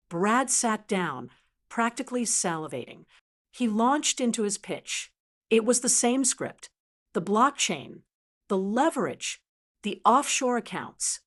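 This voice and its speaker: A woman reads a scripted first-person story aloud in a measured, dramatic way. Her voice sits at a mid pitch for a woman, steady and even as the tale unfolds. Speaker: narrator.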